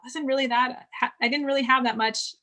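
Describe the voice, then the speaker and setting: Woman in her 40s from California, interview guest, bright and forceful tone, recounts her past frankly. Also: high-pitched, fairly even intonation, brisk. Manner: candid storytelling, quotes others in dialogue. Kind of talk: casual interview conversation.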